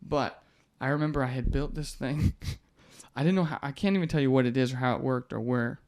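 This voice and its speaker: A man's voice: mid-range voice, brisk. Laughing young man telling a story. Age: 20s. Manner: animated storyteller, laughs often, swears casually. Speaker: MMA fighter guest. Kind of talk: casual podcast storytelling.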